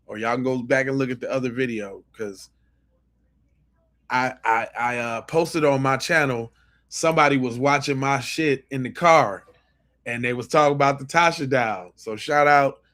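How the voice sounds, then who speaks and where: A man's voice: medium pitch, normal speed, a bit bright. A man hosting a podcast, giving blunt, profane commentary on video clips and often repeating and restarting his phrases. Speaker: podcast host.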